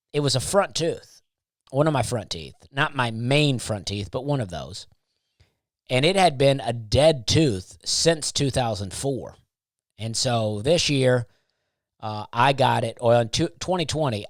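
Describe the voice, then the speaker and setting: A man spins a loose, self-mocking comic anecdote in a relaxed, wandering way. His voice sits at an ordinary middle pitch, and the recording is dry and close with almost no room sound. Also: no echo. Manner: laid-back, rambling, self-mocking. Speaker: comedian telling a story. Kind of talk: casual storytelling.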